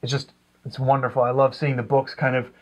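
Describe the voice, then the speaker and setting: A man's voice: medium pitch, completely flat delivery, a little fast. A man co-hosting a casual movie review, rambling with lots of fillers and restarts. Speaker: co-host.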